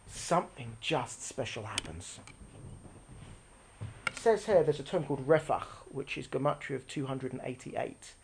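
Animated woman teaching a religious class. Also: mid-range voice. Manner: animated, asks the audience questions and repeats lines for emphasis; explains using a picture or diagram. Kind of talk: live religious class lecture.

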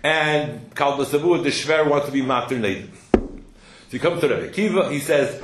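Here a fairly high-voiced man at a moderate pace leads a Torah class, weaving in lots of Hebrew and Yiddish words as he tells stories. Animated throughout, he prods the audience with repeated "hello?" questions, in an echoey room with a little background noise.

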